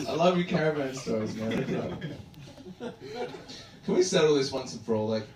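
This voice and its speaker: A man's voice: mid-range voice, big pitch swings, a little slow, pauses often, crowd noise. An Australian man doing a loose, rambling roast set on a comedy club stage, peppering everything with man and dude. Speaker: stand-up comedian. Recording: echoey club room, distant mic, background noise. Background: audience laughter.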